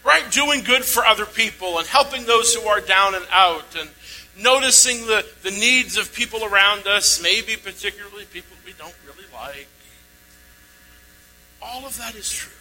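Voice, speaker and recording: A man's voice: high voice, normal speed, sharp tone. A man preaching a sermon, reading a scripture passage aloud and then explaining it with rising emphasis. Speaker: pastor. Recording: long hall reverb, faint noise.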